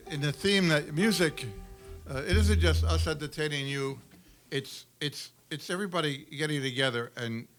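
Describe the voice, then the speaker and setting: A man's voice: fairly high pitch, a bit bright. A man performing with an acoustic duo, joking with the crowd and coaching them through a clap-along song. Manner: jokey, coaxes the crowd, counts in and teaches claps. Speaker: performer leading an audience sing-along. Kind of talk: joking stage banter.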